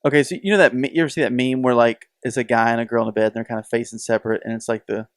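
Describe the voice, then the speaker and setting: Animated man on a dry podcast mic. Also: mid-range voice, rapid-fire, dry recording. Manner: animated storyteller, acts out quoted voices. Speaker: podcast co-host. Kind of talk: casual chat.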